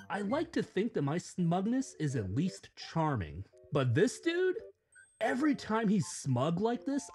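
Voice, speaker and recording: Sarcastic man with a lively, mocking voice. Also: medium pitch. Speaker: YouTube commentator. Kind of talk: scripted commentary reading.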